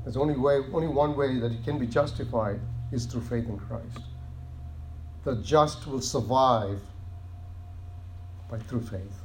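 Earnest male preacher, halting restarts. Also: medium pitch, mellow, a little hiss or hum. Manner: earnest, repeats and restarts phrases, stresses key words slowly. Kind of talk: sermon.

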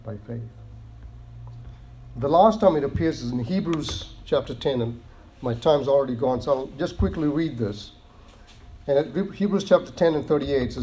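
Earnest male preacher, halting restarts. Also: mid-range voice, warm tone, slight background noise. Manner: earnest, repeats and restarts phrases, stresses key words slowly. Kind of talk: sermon.

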